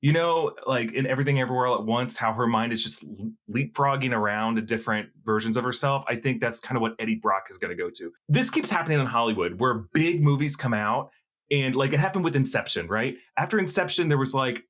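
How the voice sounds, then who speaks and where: A man's voice: mid-range voice, expressive, fast talker, a bit bright. Rambling man chatting about movies. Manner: rambling, filler-heavy, frequent "like" and restarts. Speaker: co-host. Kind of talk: casual pop-culture discussion.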